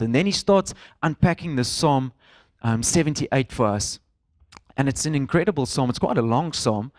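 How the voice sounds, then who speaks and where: A man's voice: medium pitch, expressive, normal speed, darkish tone, no room sound. A man, preaching a conversational sermon to a church congregation, with fillers and stray Afrikaans phrases. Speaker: pastor.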